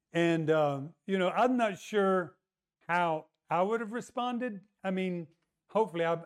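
High-voiced male preacher. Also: darkish tone. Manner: conversational, calls for audience response. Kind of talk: sermon.

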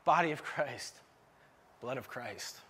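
A pastor preaches with earnest, emotional storytelling broken up by laughs. His medium-pitched voice is bright, forceful and slightly rough, animated yet slow.

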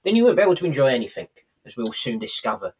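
A man's voice: medium pitch, sing-song, very fast, a crowd in the background. A man co-hosting a podcast, rambling through a recap with lots of ums and self-mocking laughs. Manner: rambling, hesitant, laughs at himself. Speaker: podcast co-host. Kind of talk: casual chat.

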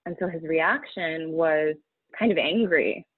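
A woman's voice: low voice, husky, no echo. Emotional woman on a tinny line. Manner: emotional, halting, near tears. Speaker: guest sharing a personal story. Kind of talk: candid personal interview. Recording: tinny phone-like audio.

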